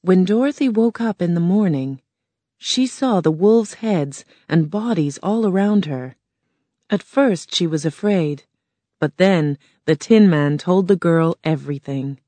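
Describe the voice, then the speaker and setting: A woman narrating a storybook in a plain, measured reading voice. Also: lowish voice, dark tone, dry recording.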